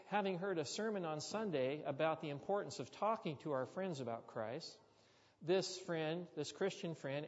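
A man's voice: on the high side, darkish tone. A man preaching a sermon, telling a story with chatty, joking asides to the congregation. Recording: dull sound with long hall reverb.

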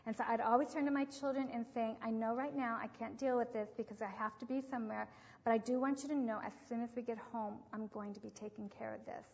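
A woman's voice: a little high, steady tone, fast, darkish tone. Woman telling parenting stories in a reverberant hall. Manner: acts out the voices in her anecdotes. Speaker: parenting teacher. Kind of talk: storytelling talk on parenting. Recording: long reverb, dull lo-fi sound.

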